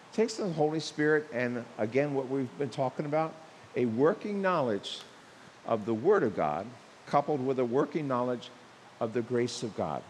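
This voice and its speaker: A man preaching a sermon, telling stories and acting out quotes with lively emphasis. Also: medium pitch, normal speed. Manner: animated preaching with acted quotes and storytelling. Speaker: pastor. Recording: long hall reverb with faint hiss.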